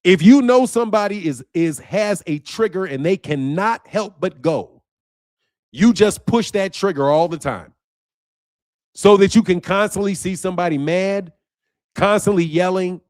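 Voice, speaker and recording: Man, high voice, dry close sound, boxing channel host, casual monologue, emphatic, repetitive, swears a lot, confrontational. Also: unhurried, a little mellow, no room sound. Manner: intense and confrontational.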